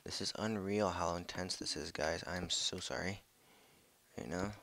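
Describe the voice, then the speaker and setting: A young man giving casual gameplay commentary from home on a headset mic, excitable, jumpy and swearing often. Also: low-pitched, a little slow, gravelly. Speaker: gaming video creator.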